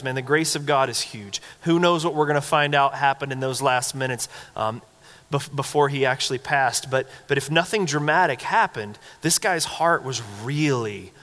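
A man's voice: medium pitch, sharp tone. Earnest man preaching in a reverberant church. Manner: conversational storytelling, earnest and reflective. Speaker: pastor. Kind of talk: sermon. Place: church sanctuary. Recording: long church hall reverb.

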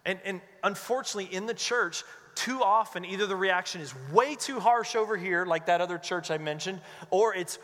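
A man preaching a sermon as pastor, an animated storyteller who acts out the voices he quotes. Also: high-pitched, brisk, big-room sound.

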